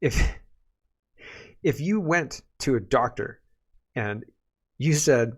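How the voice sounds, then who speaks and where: A man's voice: medium pitch, animated, slow. A man giving casual political commentary, sarcastic and ranting, often laughing at what he reacts to.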